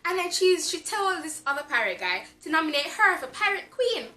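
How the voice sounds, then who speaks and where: A woman's voice: very high voice, big pitch swings, brisk, sharp tone. A woman from Jamaica with a Jamaican accent, giving a frank, exasperated casual book review with lots of fillers. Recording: echoey room.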